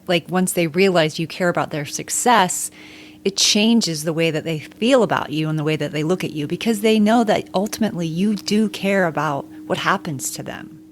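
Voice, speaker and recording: Sex: woman. Role: podcast host. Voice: low-pitched. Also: a little hiss or hum. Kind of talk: reflective podcast talk.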